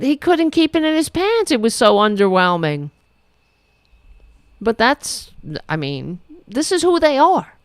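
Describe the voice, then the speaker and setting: A woman's voice: fairly high pitch, clean tone, dry recording, clean studio sound. A woman hosting a political talk show from home, blunt and exasperated, cursing freely and cooing at her pets between rants. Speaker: host.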